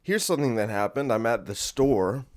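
A man's voice: medium pitch, lively intonation, moderate pace. A man hosting his own solo podcast from his bedroom at home, chatting in a restless, jokey way that keeps getting sidetracked. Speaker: podcast host. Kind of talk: rambling solo podcast chat.

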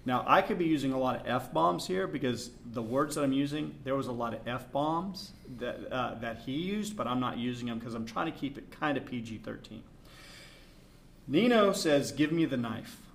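A middle-aged man spins a story on a podcast in a casual, animated way. His voice is gravelly and sits at an ordinary pitch. He drops into hushed asides and then rises into loud outbursts. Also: normal speed. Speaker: podcast co-host.

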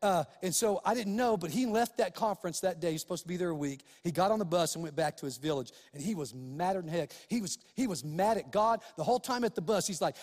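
A man's voice: high-pitched, quick pace, hardly any pauses, in a large hall. A man preaching a sermon as a story, acting out the voices of the people in it. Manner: animated storytelling, acts out quoted voices.

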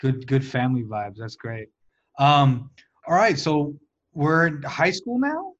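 A man hosting a casual talk, asking quick follow-up questions. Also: a little high, expressive. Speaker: podcast host. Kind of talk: casual chat. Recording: dull lo-fi sound.

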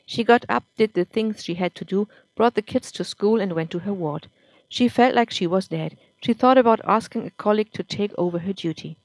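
A woman's voice: medium pitch, fairly quick, a little mellow, no echo. Woman reading a somber story. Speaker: narrator. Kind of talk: audiobook-style story reading.

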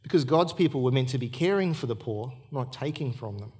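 Earnest pastor preaching. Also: male voice, mid-range voice, lively intonation, a little fast, darkish tone, slightly rough. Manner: earnest storytelling with emphatic repetition. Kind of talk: sermon. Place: church service.

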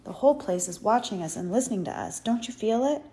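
A woman's voice: on the high side, lively intonation, fast, warm tone, voice pushed up. A woman voicing a frightened young boy close to tears, pleading in a raised, panicky voice. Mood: frantic. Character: frantic, scared young boy near tears.

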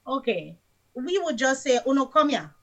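Guest, Jamaican-accented woman, fairly high voice, patient and explanatory, lilting rhythm. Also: sing-song, normal speed. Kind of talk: casual language chat.

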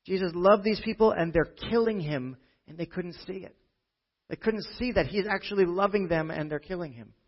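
A man preaching a sermon to a church congregation, chatty and full of rhetorical "right?" checks, dropping from loud emphasis to quiet asides. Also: a little high. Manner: conversational, with frequent rhetorical "right?". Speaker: pastor. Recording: dull, muffled lo-fi recording.

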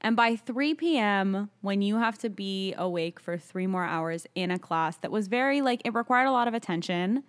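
A young woman co-hosting a podcast, telling a story in animated casual chat. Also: medium pitch, moderate pace, few pauses, clear, resonant tone. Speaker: podcast co-host.

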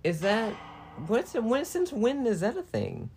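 A woman playing a horror game on stream, chatting casually, swearing freely and letting out loud outbursts. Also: fairly high pitch, huge pitch swings, measured pace, slight background noise. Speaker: let's play host on the controller. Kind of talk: casual gameplay chat.

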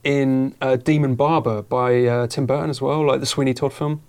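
A man's voice: mid-range voice, steady tone, moderate pace, darkish tone. A man chatting casually about films on a podcast, rambling with many fillers and restarts.

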